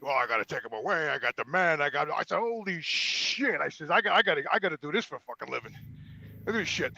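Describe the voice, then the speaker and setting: A man's voice: a little high, animated, racing, creaky, pushed and bright. An older man telling profane stories in a casual rant, pacing while he talks. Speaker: podcast regular calling in. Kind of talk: casual ranting storytelling.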